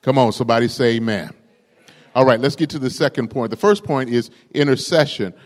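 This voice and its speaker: A man's voice: medium pitch, fairly quick, in a large hall. A male pastor preaching a rousing sermon, calling out to the congregation for responses.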